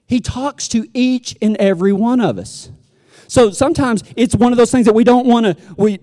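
A man's voice: extremely high pitch, moderate pace, warm tone. A Texan man preaching a sermon, folksy and full of stories, acting out what people say. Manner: folksy, storytelling, acts out quotes. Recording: long hall reverb.

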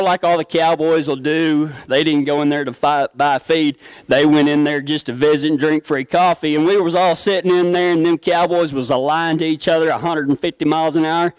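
A man's voice: fairly high pitch, no echo, low-quality recording. A middle-aged man from Texas with a West Texas accent, preaching a folksy, joking sermon to his congregation. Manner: storytelling, down-home, joking with congregation. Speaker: pastor.

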